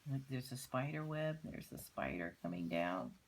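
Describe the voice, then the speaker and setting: Older woman, grandmother, picture book read-aloud, low voice, gravelly. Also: big pitch swings, normal speed, a little hiss or hum, poor audio. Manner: gentle, pointing out pictures. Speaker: grandmother reading to children.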